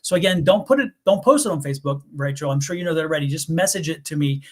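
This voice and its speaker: Rambling, animated man telling stories. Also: on the high side, fast talker. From US East Coast. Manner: animated, rambling storyteller who laughs often. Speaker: tarot reader co-host. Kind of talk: casual live-stream chat.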